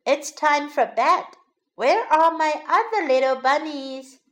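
A woman voicing a gentle, busy mother rabbit in a children's storybook, speaking in a soft, fond, motherly way. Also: high-pitched, takes it slowly, voice pushed up. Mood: fussing.

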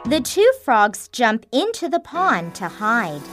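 A woman narrates a children's storybook, reading slowly and clearly with a high voice that rises and falls a lot. Soft music plays faintly underneath. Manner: slow, clear, expressive reading.

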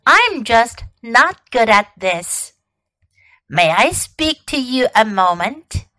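A woman hosting a children's English lesson, encouraging and sing-song, repeating phrases slowly. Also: a little high, very animated, bright, forceful tone, no echo. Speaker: English teacher and podcast host.

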